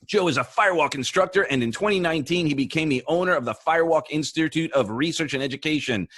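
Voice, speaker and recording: A man's voice: fairly high pitch, a bit bright, dry recording. Upbeat male host, dry close sound. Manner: upbeat, mock radio-announcer delivery. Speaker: show host. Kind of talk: reading a guest introduction, then casual chat.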